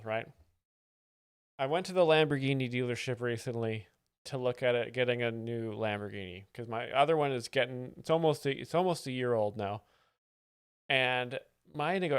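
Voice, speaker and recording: A man giving satirical live stream commentary on clips, rambling with deadpan mock seriousness. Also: mid-range voice, clean tone, no echo, clean studio sound. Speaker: comedic streamer reacting to clips.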